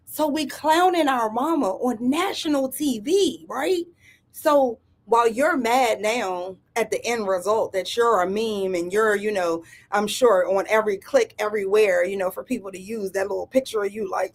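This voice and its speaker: A woman hosts a casual commentary show. Her voice sits a little high, and she talks in a sassy, emphatic way full of rhetorical asides. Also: moderate pace. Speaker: commentary host.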